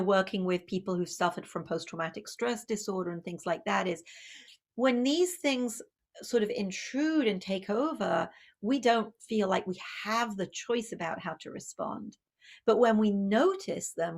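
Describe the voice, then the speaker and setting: A child psychologist and author with a mid-range voice gives a conversational public talk about parenting, using many fillers and correcting herself often.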